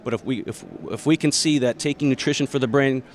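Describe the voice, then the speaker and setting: Male founder, mid-pitched, earnest and halting, pitching a product. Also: slight background noise. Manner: earnest, halting, with many restarts. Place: busy expo floor.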